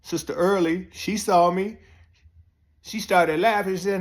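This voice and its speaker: A man tells a rowdy comic tale, his voice a touch high and leaping up into squeals at the wild moments. He speaks with a loose, profane delivery. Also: measured pace, pauses often. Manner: animated, profane, squeals into high pitch when excited. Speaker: comedian storyteller. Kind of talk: comic monologue.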